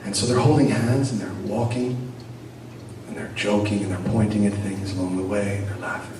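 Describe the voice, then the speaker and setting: A rabbi telling a teaching story in an animated way, with a few Yiddish words mixed in. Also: male voice, fairly low pitch, normal speed. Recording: very echoey room, distant mic, noisy.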